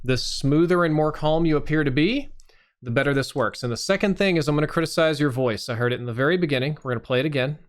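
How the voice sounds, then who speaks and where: A man's voice: fairly high pitch, quick pace. A man hosting a live stream, reviewing channels with blunt, casual and sometimes profane critique.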